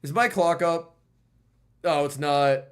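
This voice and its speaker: A man streaming a game and chatting with viewers, his voice hoarse and strained, reacting excitably to the play. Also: on the high side, takes it slowly. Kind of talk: casual gaming livestream chat.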